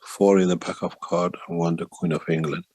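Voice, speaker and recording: A man speaking as a guest in a casual conversation, slow and rambling, sometimes dropping plural endings. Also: deep voice, little pitch movement, a little mellow, no echo, rough recording.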